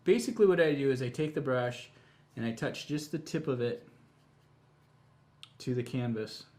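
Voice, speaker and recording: A man teaching a live painting tutorial, explaining each step in a relaxed, chatty way. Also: mid-range voice, normal speed. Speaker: painting instructor.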